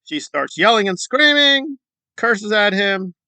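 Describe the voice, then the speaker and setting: A man's voice: high voice, very animated, slow pace, sharp tone, dry recording. A man hosting a sarcastic online commentary, scoffing and rambling through asides. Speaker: commentary channel host.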